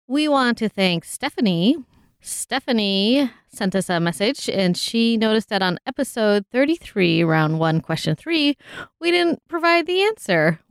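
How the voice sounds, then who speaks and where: Woman podcast co-host, giggly and animated, dry close recording. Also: fairly high pitch, measured pace, smooth, no room sound. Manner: giggly, laughs often between lines. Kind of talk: casual chat.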